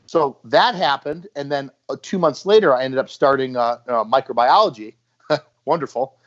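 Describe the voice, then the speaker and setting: A man telling stories in a casual podcast chat, animated and acting out what people said. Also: mid-range voice, normal speed. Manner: storytelling, animated, acts out quotes. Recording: dull lo-fi podcast audio.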